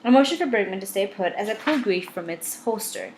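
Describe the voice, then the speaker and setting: A woman's voice: medium pitch, animated, quick pace, a little mellow, a little hiss or hum. A woman reading a novel aloud in first person, with a wry, dry delivery. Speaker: audiobook reader.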